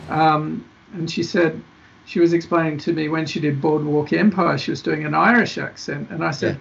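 A man's voice: fairly high pitch, steady tone, normal speed, vocal fry, a little hiss or hum. A male film director guest, talking casually and rambling with many restarts in a podcast interview. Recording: dull lo-fi podcast audio.

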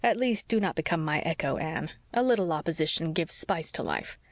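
A woman's voice: low voice, animated, fairly quick, dry recording. A woman voicing a teasing young husband, a doctor, who talks in a mocking, dry way, for an audiobook.

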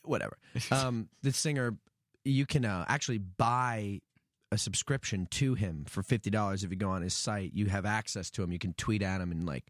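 Profane, animated man telling a story. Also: on the low side, normal speed, dry recording, clean studio sound. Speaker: podcast guest. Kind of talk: casual storytelling.

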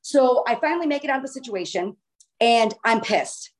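A woman casually telling a long personal story in a chatty, animated way, with the odd swear word. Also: a little high, normal speed.

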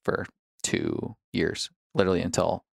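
A man with a very low, gravelly voice talks through his personal history candidly. He reflects as he goes, pausing and restarting his sentences. The sound is dry and close. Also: wildly swooping pitch, dry recording.

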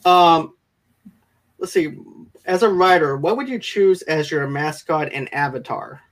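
A man hosting a casual interview, talking in quick, enthusiastic bursts and often speeding up. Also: on the high side, animated. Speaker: interview host.

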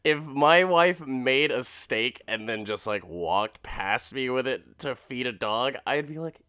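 Casting: man recapping a TV episode, bright crisp voice, profane and laughing. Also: medium pitch, expressive, unhurried, dry recording, clean studio sound. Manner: laughs often, swears freely. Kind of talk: casual profane commentary.

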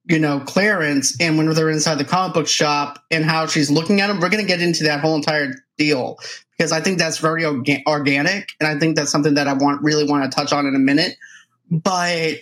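A man's voice: a little high, steady tone, fairly quick, a bit bright. A chatty man hosting a casual movie review conversation. He talks in loose, run-on sentences and slips into quoted reactions to make his points. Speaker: podcast host.

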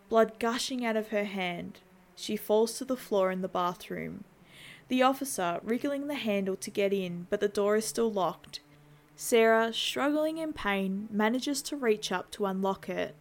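A woman narrating a movie recap in a conversational tone, dropping in wry asides. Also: medium pitch.

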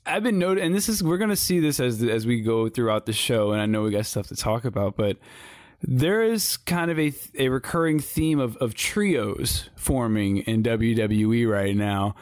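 A man co-hosting a podcast, chatting casually about wrestling in a loose, halting way. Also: mid-range voice, animated, dry recording, studio quality. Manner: loose, halting, many restarts. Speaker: podcast co-host.

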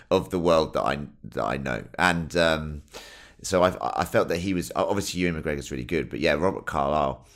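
A man's voice: a bass voice, expressive, normal speed, creaky, fairly bright tone. A British man casually discussing a film with friends, rambling and swearing freely. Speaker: podcast co-host.

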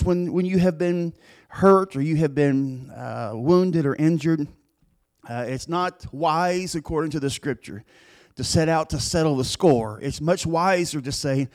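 A man preaching a sermon as pastor, earnest and plain-spoken, telling a story with pauses and restarts. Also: fairly high pitch.

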